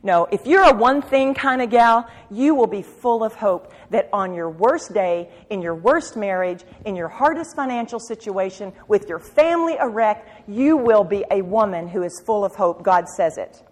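A middle-aged woman preaching to women, moving from soft confiding asides to urgent exhortation. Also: medium pitch, moderate pace, hardly any pauses. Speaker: women's Bible teacher. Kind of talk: sermon. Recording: long hall reverb.

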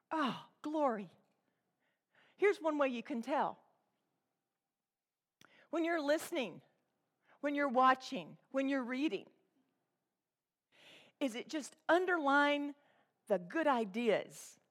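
A woman preaching a sermon to a congregation, swinging between loud exhortation and hushed, intense asides. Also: high-pitched, lively intonation, takes it slowly, pauses often. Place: church room with a congregation.

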